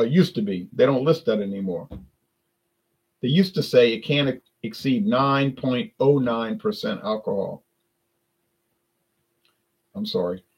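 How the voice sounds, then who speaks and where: A man's voice: medium pitch, breathy edge, highs cut off. A man from South Louisiana with a South Louisiana accent, rambling through a casual live-stream chat about drinks with lots of restarts and self-corrections.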